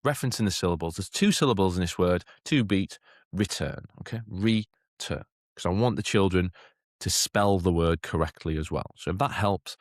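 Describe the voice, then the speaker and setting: A man giving a chatty teacher training talk, often checking in with "okay?" and lifting into a bright classroom voice to demonstrate. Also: low-pitched, no room sound, studio quality. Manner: chatty, keeps asking "okay?".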